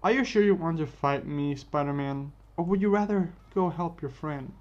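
A man's voice: a little high, normal speed, natural voice. A man doing a smug villain scientist. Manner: mocking, polite menace. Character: scheming male villain scientist, smug and cold. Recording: dull lo-fi with faint music.

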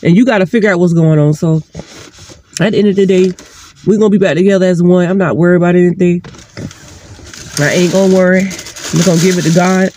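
Fast-talking woman venting heatedly. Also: lowish voice, steady tone, dark tone. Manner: heated, profane, emphatic. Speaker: single mother vlogger. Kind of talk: venting vlog monologue. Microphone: sitting, talking straight to camera.

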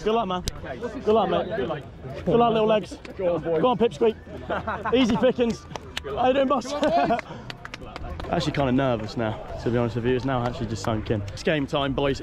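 Young man, high-pitched, jokey vlogger energy, music underneath. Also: moderate pace. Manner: jokey, chatty, says "boys" to viewers. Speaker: YouTuber vlogging a charity match. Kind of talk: casual vlog to camera. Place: outdoors at a football stadium.

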